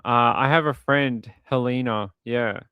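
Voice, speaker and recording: A man with an Australian accent hosting a livestream and reading viewer comments in a relaxed way. He repeats himself often and chuckles between thoughts. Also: mid-range voice, a little slow, clean tone, no echo, lo-fi sound. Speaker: livestream host. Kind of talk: casual live chat reading viewer comments.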